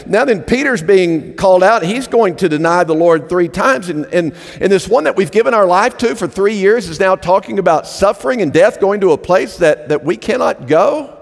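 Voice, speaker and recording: A male pastor preaching a sermon in a church, emphatic and animated, often repeating phrases as he presses a point. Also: sits high, normal speed, gravelly, hardly any pauses. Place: church sanctuary. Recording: long hall reverb.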